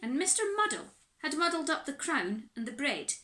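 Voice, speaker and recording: Lively woman reading a children's story. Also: sits high, moderate pace. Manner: animated, expressive reading. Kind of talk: reading a children's book aloud. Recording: echoey room.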